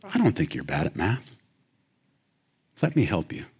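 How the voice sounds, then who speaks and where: Kind patient woman teacher, as a male preacher puts her on, soft and encouraging, husky. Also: low voice, expressive, very fast, big-room sound, pitched below the performer's own voice. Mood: gentle.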